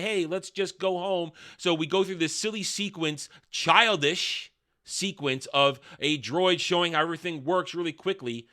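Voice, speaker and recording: A man tears into a TV episode in a video review, his delivery heavy with sarcasm and scorn. His voice is bright and forceful, pitched a little higher than most men's. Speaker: film and TV reviewer.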